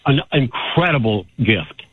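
A man's voice: mid-range voice, lively intonation, measured pace. A man calling a radio talk show, speaking with gratitude and pride about his daughter. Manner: warm and grateful, speaking with pride. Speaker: caller. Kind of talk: phone-in call. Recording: tinny phone line with faint noise.

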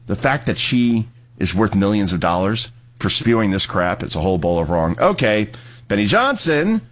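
A middle-aged man hosting a commentary show, sarcastic and mocking, who bursts into yelling. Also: lowish voice, moderate pace. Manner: animated, mocking, yells in bursts. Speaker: host. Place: studio in New Jersey.

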